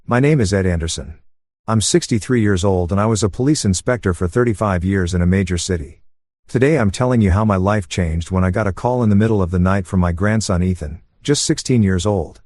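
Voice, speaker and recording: A man narrating a first-person story at a steady, calm pace. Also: fairly low pitch, fairly quick, no room sound, studio quality.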